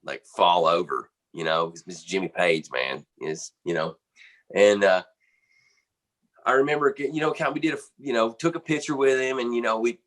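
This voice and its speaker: A man's voice: lowish voice, moderate pace, a bit bright. A man from the United States, a drummer being interviewed, telling a casual, rambling story full of fillers and restarts. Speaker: guest musician, drummer.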